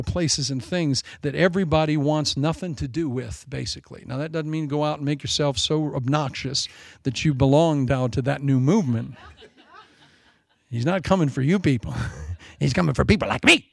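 Man, forties, preaching, animated, joking, fairly high voice, gravelly. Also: moderate pace, no room sound. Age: 40s. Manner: animated, joking, self-mocking asides. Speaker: pastor. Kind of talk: sermon.

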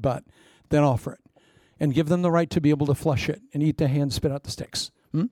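A man's voice: on the high side, fast, warm tone, no echo, studio quality. An older man preaching as a pastor, telling humorous stories with a jokey, self-mocking manner and acting out quotes. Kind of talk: humorous storytelling sermon.

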